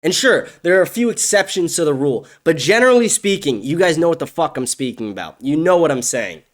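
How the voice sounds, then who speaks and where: A young man hosting a solo podcast, ranting angrily and profanely, his voice swinging from raised outbursts to low muttering. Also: expressive, a little fast. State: agitated. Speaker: podcast host. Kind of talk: solo opinion rant.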